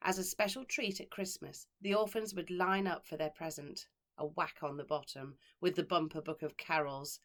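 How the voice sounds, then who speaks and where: A woman who teaches primary school, reading a children's story aloud with expressive delivery and dramatic pauses. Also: lowish voice. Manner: expressive, dramatic pauses, slows on key words.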